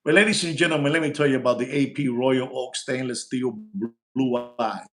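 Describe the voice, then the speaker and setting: A man's voice: medium pitch, fairly even intonation. Brash male watch dealer, live-stream patter, repeats himself, slips into Spanish slang, echoey room. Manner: brash, rapid switching between English and Spanish slang; repeats lines and shouts for likes. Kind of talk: casual live-stream sales talk.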